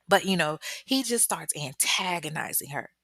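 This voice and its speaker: A woman host telling a true crime story casually, profane and slangy, with animated reactions. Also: sits low, normal speed, creaky, no echo.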